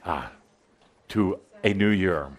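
Before a live audience, a man delivers a channeled spiritual talk in a low voice, teasing and playful. He leans on dramatic pauses and shifts between loud and quiet.

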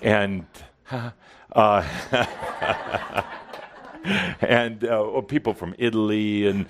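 A man's voice: on the low side, steady tone, very slow, noisy background. A man hosting a show in casual chat, rambling with many fillers and chuckles. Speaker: host.

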